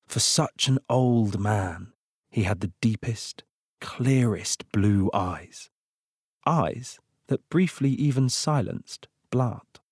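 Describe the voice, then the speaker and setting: A man narrating a children's storybook in an expressive, unhurried reading. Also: on the low side, breathy edge, dry recording, clean studio sound. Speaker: audiobook narrator.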